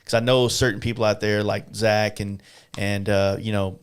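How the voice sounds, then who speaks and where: A laid-back man talking through plans on a podcast with friends. His voice is on the low side and he rambles with lots of fillers, and he laughs easily. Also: flat delivery, normal speed, clean tone. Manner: loose, rambling, laughs often. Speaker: motorcycle event co-host. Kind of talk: casual podcast chat.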